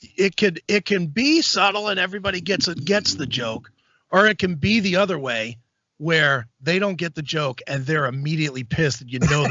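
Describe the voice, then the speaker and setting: A man's voice: a little high, moderate pace, bright, forceful tone, no room sound, dull audio. A man co-hosting a casual talk show, riffing with crude, sarcastic humor. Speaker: podcast co-host. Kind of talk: casual profane chat.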